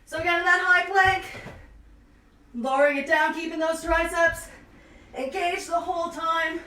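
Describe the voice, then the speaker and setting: A woman's voice: very high voice, fairly even intonation, moderate pace, bright, forceful tone, slight background noise. A young woman leading an online home workout, upbeat as she counts reps and cues each move, out of breath from exercising. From Canada. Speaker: fitness instructor. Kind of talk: live online workout class. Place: small room at home. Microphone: camera at a distance. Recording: echoey room, voice far from mic.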